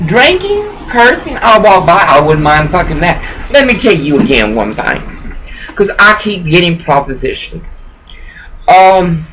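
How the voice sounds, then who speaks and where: A mid-range female voice comes through a laptop webcam with slight background noise and rough quality. She's a vlogger at home, rambling through a personal monologue that's preachy and emotional, shifting between laughter and bitterness.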